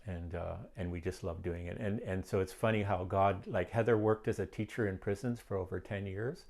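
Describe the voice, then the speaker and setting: A man's voice: deep voice, fairly even intonation, fairly quick, a little mellow. A middle-aged man telling his life story in a plain-spoken, candid way. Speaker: guest telling his testimony.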